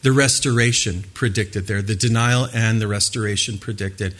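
A man's voice: fairly low pitch, fairly even intonation, moderate pace, fairly bright tone. A man, a pastor, preaching a sermon, asking his listeners questions and stressing points with emphasis. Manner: asks the audience questions, emphatic.

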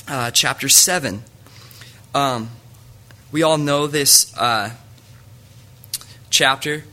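A man's voice: medium pitch, sharp tone. A man preaching a sermon in an earnest way, reading scripture aloud to his listeners.

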